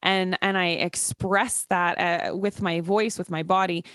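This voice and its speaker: A woman's voice: lowish voice, fairly even intonation, measured pace, a bit bright, no echo, studio quality. A young woman, mother of a little boy, rambling through a casual conversation with many fillers and restarts. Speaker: podcast co-host.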